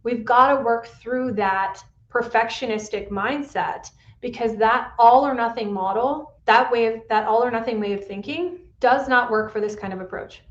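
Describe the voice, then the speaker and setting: A woman's voice: fairly high pitch, moderate pace, few pauses, reverberant, highs cut off. A woman pain specialist hosting a solo podcast, talking in an earnest coaching manner and often checking in with "right?".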